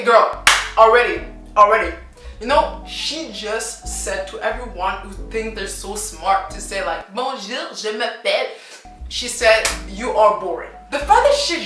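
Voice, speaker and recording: Chatty French-native woman, bright voice, roomy echo. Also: medium pitch, recorded from a distance. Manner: chatty, animated, repeats herself, fangirling. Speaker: language teacher reacting to a clip. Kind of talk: excited casual reaction vlog. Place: outdoors in sunlight.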